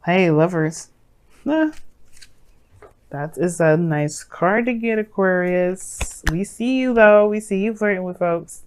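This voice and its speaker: A woman giving a casual tarot reading to her viewers, rambling and sassy with lots of fillers, her voice a little hoarse and croaky. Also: medium pitch, measured pace, a little mellow. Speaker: tarot reader.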